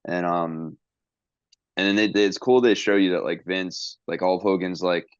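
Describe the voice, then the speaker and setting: A man's voice: sits low, fairly even intonation, moderate pace, smooth, dry recording, highs cut off. A man co-hosting a podcast in casual chat, rambling with lots of fillers and playful asides. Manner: rambling, filler-heavy, jokey impressions. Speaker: podcast co-host.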